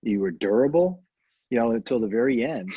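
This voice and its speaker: Husky host on a dull, dry recording. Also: male voice, medium pitch, lively intonation, fairly quick, dry recording. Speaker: interview host. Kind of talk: casual interview chat.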